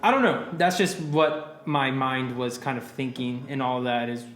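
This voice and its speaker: A man's voice: mid-range voice, fairly even intonation, a little slow, a bit bright. A man in his twenties co-hosting a podcast in casual chat, rambling with lots of swearing and fillers. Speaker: podcast co-host. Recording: roomy, faint music.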